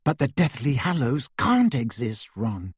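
A man's voice: medium pitch, very animated, a little slow, breathy edge, no echo, clean studio sound. A man reading aloud voices a clever, exasperated teenage girl witch with a firm, sarcastic manner. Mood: firm, sceptical.

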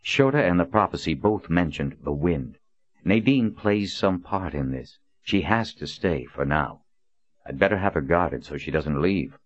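A man voicing an earnest, principled young man who talks in a quiet, sincere way, on a dull, lo-fi recording. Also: low voice, animated, a little slow, no echo.

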